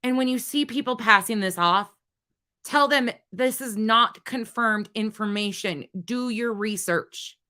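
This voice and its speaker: A woman's voice: fairly high pitch, measured pace, bright, forceful tone. Heated woman ranting to her chat. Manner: angry, swearing, talks to her chat. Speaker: livestream host. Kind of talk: heated casual livestream chat.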